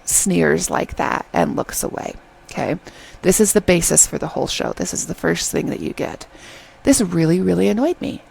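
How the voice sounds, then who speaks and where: A woman chatting through a casual video review, retelling scenes in an animated way and often checking in with "okay?". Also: lowish voice, creaky, slightly rough, low-quality recording. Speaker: drama reviewer.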